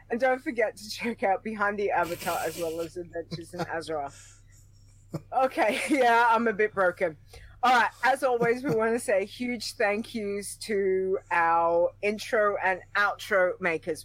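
A woman's voice: medium pitch, expressive, normal speed, fairly bright tone, no room sound, poor audio. A woman co-hosts a gaming podcast, chatty and prone to giggling. Her voice sits close and dry with no room sound. She runs through thank-yous and sign-offs in easy casual talk. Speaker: podcast co-host.

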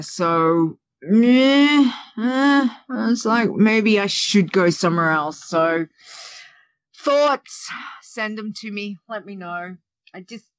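A woman in a casual podcast chat, rambling and chatty, restarting her sentences and adding asides. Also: medium pitch. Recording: dull lo-fi audio.

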